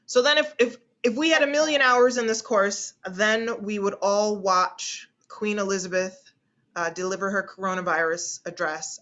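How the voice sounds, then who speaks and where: A woman's voice: medium pitch, normal speed, sharp tone, muffled recording. A woman speech instructor from the United States, teaching an online class in a chatty way and often repeating her phrases.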